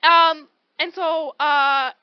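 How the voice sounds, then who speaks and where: This high-voiced woman co-hosts a casual book podcast, drawing out her words as she animatedly summarizes a story and acts out the characters' lines. The recording is dry and muffled.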